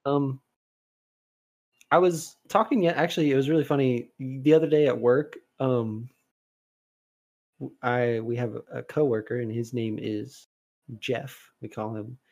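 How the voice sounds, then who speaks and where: A male podcast co-host in relaxed, casual conversation. His voice sits at an average pitch. He rambles through lots of fillers and restarts, then breaks into animated bursts. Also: a little slow, creaky, long pauses. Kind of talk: casual chat.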